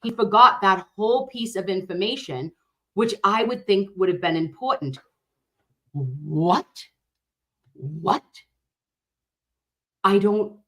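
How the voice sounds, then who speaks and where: Excitable woman with a Boston accent. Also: mid-range voice. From Boston, Dorchester. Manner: animated, excitable, swears, calls viewers babe and loves. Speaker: host reacting to a juror interview. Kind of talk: casual reaction chat.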